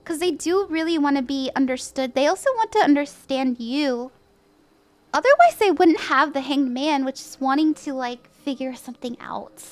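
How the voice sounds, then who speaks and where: A woman's voice: high voice, expressive, normal speed. A woman hosting a livestream, giving casual tarot readings in an upbeat, chatty way, with frequent laughs and lots of "like" and "you know". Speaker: tarot reader and stream host.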